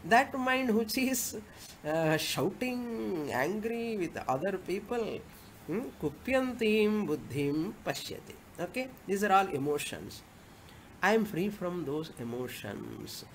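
A woman's voice: mid-range voice, expressive, slow, a little hiss or hum. A woman spiritual teacher, explaining scripture patiently and repeating Sanskrit verse phrases as she goes. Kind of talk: scripture lecture.

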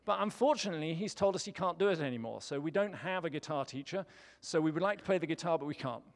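A man's voice: fairly high pitch, expressive, fast talker. A preacher quoting a shy teenage schoolgirl, hesitant and stammering, her lines ringing in a church with a long reverb tail. The voice stays near the man's own.

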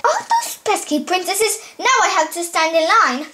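A woman's voice: extremely high pitch, sing-song, moderate pace, pushed and bright, full character voice. Woman doing a sneaky villain doll. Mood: scheming. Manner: gleeful, scheming, whispers to hide. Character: scheming female villain doll, sneaky and greedy. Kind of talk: toy play voice acting. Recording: noisy home recording.

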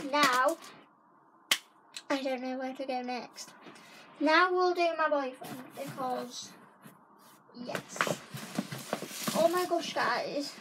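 A woman's voice: high-pitched, background noise. A young woman chatting in a casual haul vlog from her bedroom, gushing and talking straight to her viewers. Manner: gushing, chatty, keeps saying guys. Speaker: vlogger. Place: bedroom at home.

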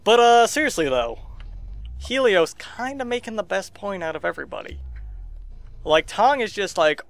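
Animated, swearing gamer man. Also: sits high, normal speed, no room sound. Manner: profane, animated, with sudden outbursts. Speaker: let's play host. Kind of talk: casual gaming commentary.

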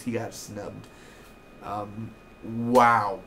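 A young man giving an excitable, rambling casual review of a TV episode, with lots of fillers. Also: medium pitch, normal speed, a little hiss or hum.

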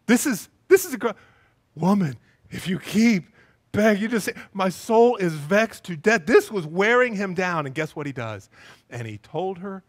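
A male pastor giving a sermon in a church, animated as he acts out scenes with voices and sound effects. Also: high voice, moderate pace, slightly rough. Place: church sanctuary with a congregation.

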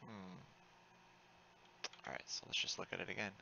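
A man giving live commentary while playing an online game, frustrated and excitable, swearing often with sudden loud outbursts. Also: low-pitched, moderate pace, vocal fry, highs cut off.

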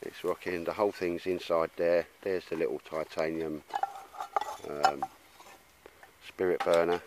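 A man's voice: sits low, level tone, a little slow, very noisy. A man vlogging to a handheld camera in the woods, blokey and rambling, calling people mate. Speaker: outdoor gear vlogger. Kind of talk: casual chat to camera in the woods. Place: woodland outdoors.

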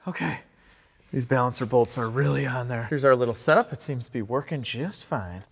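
A man's voice: medium pitch, fairly quick, creaky, husky. Joking guy fixing a car in his garage, chatty, lots of echo bouncing round. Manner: upbeat and joking, with sudden excited whoops. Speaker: host and car mechanic. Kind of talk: casual repair vlog commentary. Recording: echoey garage reverb.

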